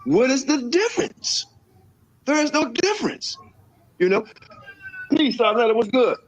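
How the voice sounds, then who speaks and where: A man's voice: very high-pitched, sing-song, unhurried, dull audio. A man hosting and moderating a call-in debate show, repeatedly calling for order and handing out turns to speak. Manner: keeps repeating calls for order. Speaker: host and moderator.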